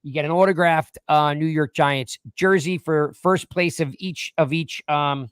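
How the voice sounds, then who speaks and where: Man in his forties, podcast host, rambling, joking, a fairly high voice, dry close sound. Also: fairly even intonation, unhurried, clean tone, no echo. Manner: rambling, joking, restarts often. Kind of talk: casual live-stream chat.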